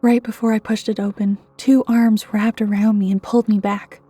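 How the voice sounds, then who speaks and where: A woman narrating a creepypasta in a hushed voice that often drops to a whisper. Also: mid-range voice, flat delivery, normal speed, no room sound. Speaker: horror story narrator.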